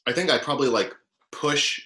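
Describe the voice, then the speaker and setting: A man's voice: mid-range voice, brisk, sharp tone. A man playing a tabletop game, describing his moves with hesitation as he works them out. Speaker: player. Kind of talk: casual tabletop game play.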